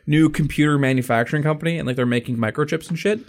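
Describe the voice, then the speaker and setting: A young man with a slightly high voice, co-hosting a podcast in loose, casual chat. He swears freely, laughs easily and breaks into quick impressions of movie characters. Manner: swears a lot, laughs, acts out movie lines. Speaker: podcast co-host.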